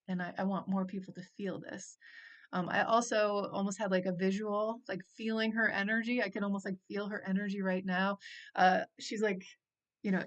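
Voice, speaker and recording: A woman's voice: mid-range voice, dull audio. A middle-aged woman wellness coach in a heartfelt, rambling monologue full of fillers, emotional at times. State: emotional, near tears at times. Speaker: wellness coach and channel host. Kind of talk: casual reflective monologue.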